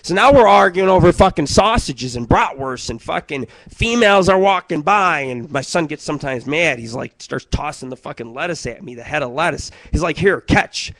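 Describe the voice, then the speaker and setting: A man's voice: on the high side, lively intonation, brisk, few pauses, a bit bright, no echo. A middle-aged man hosting a radio show, telling rambling, profane comic stories in a crude monologue.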